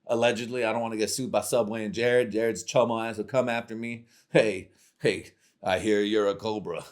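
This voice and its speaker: A man's voice: on the low side, fairly even intonation, brisk. A young man hosting a comedy podcast, delivering a crude, rambling monologue full of swearing and laughing at his own jokes.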